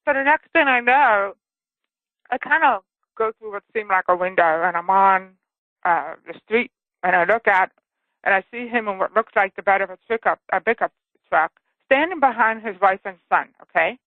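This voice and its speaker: A woman author telling a personal story as an earnest guest, often checking in with a quick "okay?". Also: mid-range voice, no echo. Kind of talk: phone interview, personal story. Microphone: telephone. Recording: tinny phone line.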